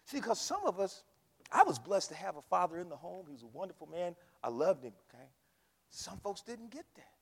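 High, animated preaching man in a reverberant hall. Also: a little fast, vocal fry, slightly rough. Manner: fiery preaching with call and response. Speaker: pastor. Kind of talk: sermon. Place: church sanctuary.

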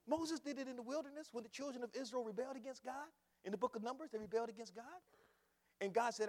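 A man preaching a sermon, swinging from shouts to hushed quotes. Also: very high-pitched, fast. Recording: long hall reverb.

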